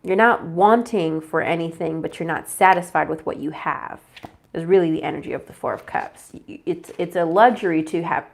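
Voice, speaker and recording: A woman's voice: lowish voice, creaky. Congested woman doing a casual tarot forecast. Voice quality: casual, chatty with fillers and self-corrections. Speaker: tarot reader.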